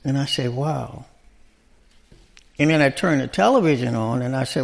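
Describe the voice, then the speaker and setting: A man's voice: mid-range voice, normal speed, creaky. A man preaching a sermon in a conversational style, often asking his listeners rhetorical questions.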